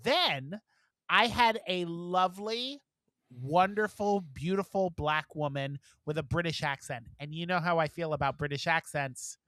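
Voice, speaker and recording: Animated gay podcast co-host, dry sound. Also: male voice, a little slow, dry recording. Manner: animated, acts out quotes with big jumps in pitch and volume. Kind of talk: casual storytelling chat.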